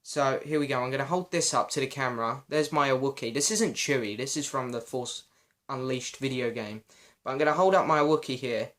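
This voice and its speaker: A young man, hoarse because his voice is going, chatting and apologizing as he answers viewer questions in a casual vlog. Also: mid-range voice, a little fast, fairly bright tone. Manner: chatty, self-deprecating, often apologetic.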